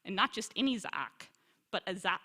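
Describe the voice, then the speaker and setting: Visiting woman scholar, bright and forceful tone, lively teaching to a congregation, echo of a big sanctuary. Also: medium pitch, moderate pace. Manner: animated storyteller, quotes Hebrew and asks the room questions. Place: synagogue sanctuary. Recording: long hall reverb.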